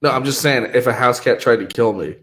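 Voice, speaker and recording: A man's voice: medium pitch, brisk, fairly bright tone. A man hosting a podcast, telling rambling stories in casual chat, swearing often and laughing a lot. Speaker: podcast host.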